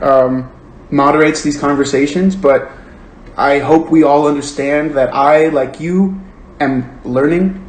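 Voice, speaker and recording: This book club host on a phone livestream has a mid-range, slightly mellow voice. His talk is casual, earnest and rambling, packed with "like," and the recording sounds roomy with faint hiss.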